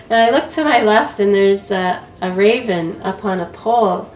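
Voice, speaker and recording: A woman's voice: mid-range voice, moderate pace, hardly any pauses, darkish tone, echoey room, recorded from a distance, poor audio. A woman who is sick with a cold, telling a casual story about her travels as an interview guest, laughing often.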